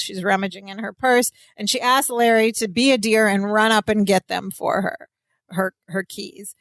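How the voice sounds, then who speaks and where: A woman's voice: fairly high pitch, fairly even intonation, moderate pace, a bit bright, dry recording. A woman co-hosting a podcast, casually recapping scenes with amused asides. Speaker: podcast co-host. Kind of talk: casual episode recap chat.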